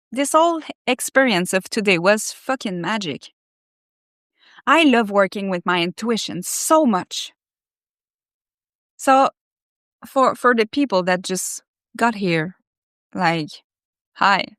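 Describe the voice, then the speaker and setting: A woman talking straight to her live audience, part reading from her own writing and part riffing on it. She sounds candid and effusive, and she swears freely. Her pitch sits in the middle of the usual range, and the sound is dry and close, with no room echo. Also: slow pace, long pauses. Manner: candid, profanity-laced, self-reflective; animated and effusive. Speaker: live-stream host.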